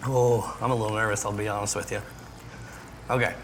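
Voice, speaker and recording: A man's voice: fairly low pitch, level tone, brisk, a bit bright, a little hiss or hum. A man, a youth pastor, nervously chatting and groaning with pain through a spicy food challenge. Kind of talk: casual on-camera chat and food challenge.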